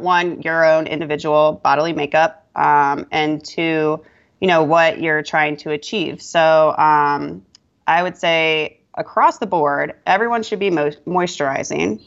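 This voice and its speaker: A woman, a guest esthetician, giving relaxed advice in a casual podcast interview with many fillers. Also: low voice, gravelly, muffled recording. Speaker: guest esthetician and yoga instructor.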